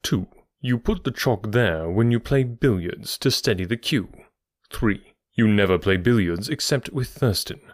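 Guy doing a cool know-it-all detective, lecturing slow and precise, voice a bit low, dead dry sound. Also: lively intonation, no room sound. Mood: explaining. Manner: measured, faintly superior lecturing tone.

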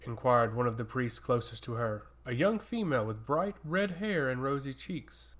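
A man's voice: a little high, a bit bright. A man reading a fantasy story aloud as the narrator, in a dramatic storytelling manner.

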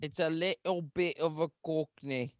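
A man's voice: a little high, steady tone, a little slow, no room sound, studio quality. A young man co-hosting a casual podcast, joking and rambling with lots of "like". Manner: joking, rambling with many likes. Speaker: podcast co-host.

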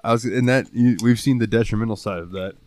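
A young man with a very low voice, chatting on a podcast and laughing often. He tells his stories loosely, swearing as he goes. The sound is dry and close, with no room echo. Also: quick pace, a little mellow. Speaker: podcast co-host. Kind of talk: casual chat.

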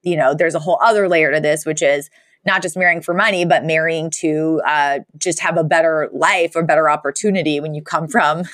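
A woman co-hosting a podcast, recapping a sitcom episode in a lively, laughing way and acting out the characters' lines. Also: low-pitched, fairly quick, no room sound, studio quality. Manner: animated storyteller who acts out quotes, laughs often. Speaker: podcast co-host.

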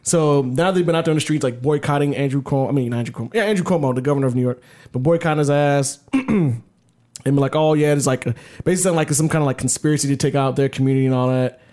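A man co-hosting a casual podcast, with a voice of middling pitch. He talks loosely and swears freely as he reads news stories aloud and riffs on them. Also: rapid-fire, a little mellow. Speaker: podcast co-host.

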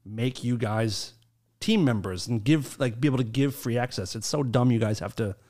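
Male podcast host, mid-pitched, crude, jokey, casual banter. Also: moderate pace. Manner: crude, joking, animated.

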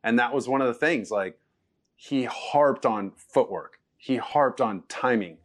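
A man, a former quarterback, telling stories as a guest in a relaxed, laughing way. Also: mid-range voice, unhurried. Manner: loose and laughing, quotes people in lively voices. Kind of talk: casual storytelling interview.

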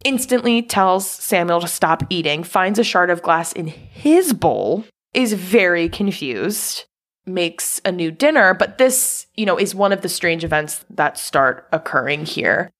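Woman podcaster, kinda low voice, just walking through the story. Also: unhurried. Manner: steady plot narration, laughs along. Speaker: podcast co-host. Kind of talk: casual film recap chat.

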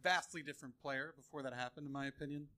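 Fast-talking earnest man. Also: mid-range voice, fairly even intonation, pushed and bright. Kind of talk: live podcast banter.

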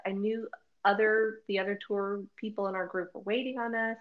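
A woman with a creaky, mid-range voice speaks at normal speed as a podcast co-host in a casual chat. She tells an animated travel story, laughing often and acting out quotes, over dull lo-fi audio.

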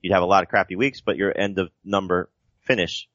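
A man's voice: low-pitched, fairly even intonation, fairly quick, a bit bright, no echo, dull audio. A man co-hosting a sports podcast, analytical and explaining in long winding sentences. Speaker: podcast co-host. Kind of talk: casual sports podcast chat.

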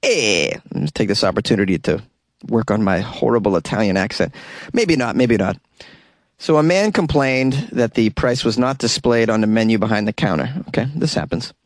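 A man's voice: mid-range voice, dry recording. A man hosting a call-in talk radio show, reading news stories and adding wry, sarcastic asides in a chatty manner.

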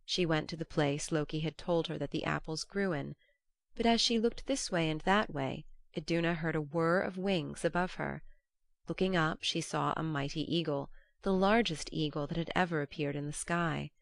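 A woman narrating an old-fashioned storybook in a measured, storytelling manner. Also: low voice, vocal fry, no room sound, studio quality. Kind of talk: storybook reading.

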